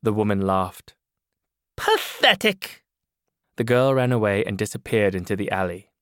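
A man narrating a novel in a measured first-person reading. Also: on the low side, fairly even intonation, clean tone, no echo. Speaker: audiobook narrator. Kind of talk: scripted narration. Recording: dry studio booth.

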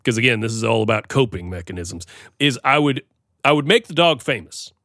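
A man's voice: medium pitch, expressive, a little fast, bright, forceful tone, dry recording, studio quality. A man co-hosting a comedy podcast, talking in a rambling, playful, self-deprecating way. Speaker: podcast co-host. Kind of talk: casual comedic chat.

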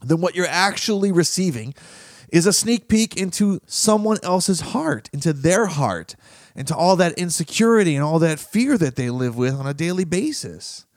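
A man's voice: a little high, expressive, moderate pace, dry recording. Earnest man giving a dry, close talk. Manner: earnest, conversational, asks listeners questions, laughs often. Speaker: podcast host. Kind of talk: motivational talk.

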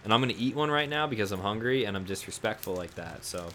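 A man co-hosting a podcast, telling stories in a relaxed, profane way among friends. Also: on the low side, quick pace, a little hiss or hum. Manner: laid-back, profane storytelling. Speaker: podcast co-host. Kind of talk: casual podcast banter.

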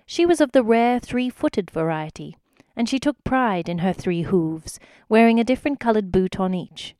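A woman reads a children's story aloud, bringing life to every sentence with her storytelling. Her voice sits in a middle pitch and is recorded dry and close to the mic. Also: moderate pace, no room sound. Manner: expressive, lively storytelling. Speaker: narrator. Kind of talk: storybook reading.

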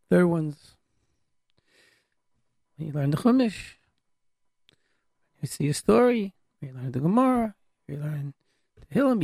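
High raspy guy giving a sermon, dry close sound, keeps repeating lines. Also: a little mellow, no echo. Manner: emphatic, repetitive, exhorting.

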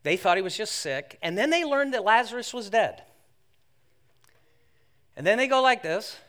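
Animated high-voiced man preaching. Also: moderate pace. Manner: animated storyteller, acts out voices, jokes with the congregation. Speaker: pastor. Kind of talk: sermon. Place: church service held in an athletic center.

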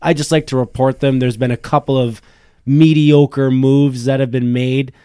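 A man's voice: medium pitch, fairly even intonation, moderate pace, warm tone, clear, resonant tone, no echo, clean studio sound. A man co-hosting a casual hockey podcast, chatty and loose, swearing now and then. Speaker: podcast co-host. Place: small studio at a bar.

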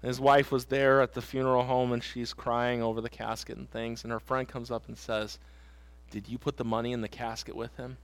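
A man's voice: medium pitch, level tone, brisk. A middle-aged man preaching a sermon in a church, earnest and emphatic, telling stories and repeating his points. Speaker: pastor. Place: church sanctuary.

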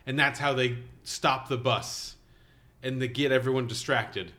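A man's voice: medium pitch, measured pace, pushed and bright. A man co-hosting a casual film review podcast, talking enthusiastically and swearing casually. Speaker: podcast co-host.

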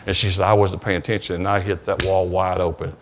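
A man's voice: deep voice, flat delivery. A man with a Southern US accent preaching a sermon in church, telling a story with many restarts and repeated words. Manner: halting, repeats words, retells dialogue. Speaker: pastor. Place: church sanctuary.

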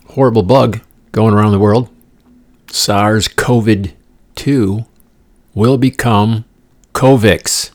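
Gravelly man rambling through a comic podcast. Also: on the low side. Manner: profane, digressive, playful asides and whispered jokes. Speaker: podcast host. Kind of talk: rambling comedic monologue. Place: condominium room.

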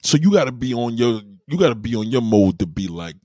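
A man's voice: medium pitch, big pitch swings, quick pace, few pauses, a little mellow, no echo, clean studio sound. A man giving dating advice in a casual, profane monologue full of street slang. He keeps checking in with the listener. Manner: keeps asking "you know what I mean".

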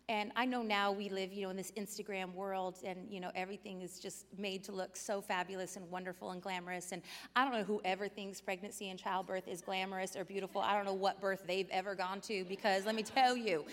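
A woman in her forties preaching a sermon in a large church, telling funny personal stories that swing from hushed to loud. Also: mid-range voice, fairly even intonation, brisk. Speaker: pastor. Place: large church sanctuary with a band. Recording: long hall reverb in a big church.

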